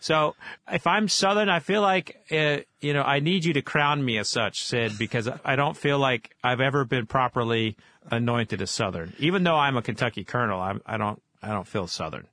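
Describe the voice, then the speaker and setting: Male guest from Oklahoma, mid pitch, animated casual storyteller, dry close studio mic. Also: normal speed, no echo. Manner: animated storyteller, lively with fillers. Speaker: guest, whiskey author. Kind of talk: casual interview talk.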